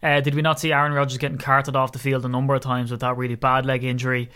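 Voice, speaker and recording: A man's voice: fast talker, clean tone. A man co-hosting a casual sports podcast, joking and exaggerating as he talks. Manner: animated, joking, exaggerating with rising pitch. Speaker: podcast co-host.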